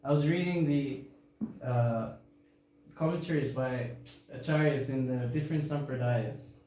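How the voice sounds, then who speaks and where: A man from Australia with an Australian accent softened toward American, giving an informal, joking sermon to a temple audience and laughing often. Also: mid-range voice, unhurried. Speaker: temple speaker giving a scripture class. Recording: very echoey hall, faint background hum.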